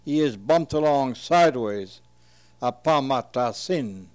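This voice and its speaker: A man reads dictionary entries aloud at a very slow, deliberate pace. He sounds out each word with care and pauses between the terms. His voice sits at a middle pitch. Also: expressive. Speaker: reader translating an old dictionary. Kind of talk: slow reading of word lists with translations.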